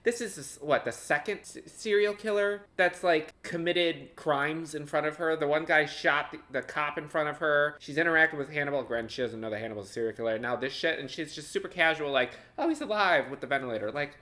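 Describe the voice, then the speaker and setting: A man's voice: a little high, brisk, few pauses, pushed and bright. A young man hosting a reaction video, talking casually and animatedly, swearing and thinking aloud as he reacts.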